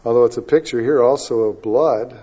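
A male preacher giving a sermon, moving between loud emphasis and quiet asides and stretching key words out slowly. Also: mid-range voice, breathy edge. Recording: dull lo-fi recording.

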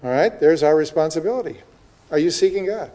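A man with a notably high voice preaches a Bible-teaching sermon. He is earnest and keeps asking his listeners "okay?" or "right?". He slows down to read scripture with weight. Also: animated, dark tone. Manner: reads scripture aloud slowly with emphasis. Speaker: pastor.

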